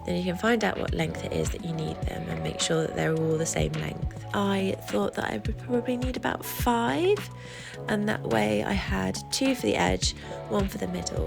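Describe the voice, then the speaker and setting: Young woman, hoarse and very gravelly voiceover, deep for her, lively inflection, music bed underneath. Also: moderate pace. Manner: self-deprecating, explaining steps plainly. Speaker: vlogger. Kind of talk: voiceover narration.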